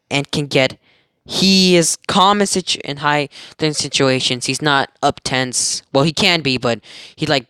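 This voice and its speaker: A man's voice: a little high, a bit bright, smooth, no room sound. Young guy rambling through a fan story, giggly, keeps correcting himself, dry close sound. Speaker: amateur storyteller. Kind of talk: casual fan story retelling.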